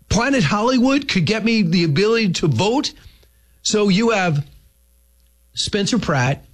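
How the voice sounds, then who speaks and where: A man hosting a talk show, giving combative, opinionated political commentary with sarcastic asides. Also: high voice. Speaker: radio host.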